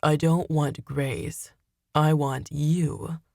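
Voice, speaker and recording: A woman voicing a vengeful male demon father who speaks deep, cold and menacing in an audiobook. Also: fairly even intonation, drawn-out words, creaky, a little mellow, no room sound, studio quality, exaggerated voice.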